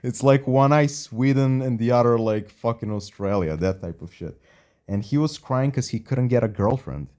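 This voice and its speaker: A man's voice: mid-range voice, normal speed, darkish tone. A man telling a rambling, slangy story in a casual way, swearing a lot.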